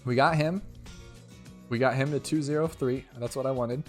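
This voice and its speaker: A man talking over his own gameplay in a chatty, overexcited way, rambling from one thought to the next. His voice sits at an ordinary middle pitch, with faint game music underneath. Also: moderate pace. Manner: excitable, rambling, talkative. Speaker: gaming YouTuber.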